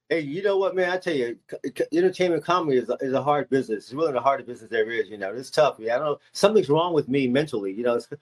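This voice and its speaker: A middle-aged male comedian talks quickly in a slightly husky voice, guesting on a radio show. He jokes about himself and laughs easily. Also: mid-range voice. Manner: joking, self-mocking, laughs often. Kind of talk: casual radio chat.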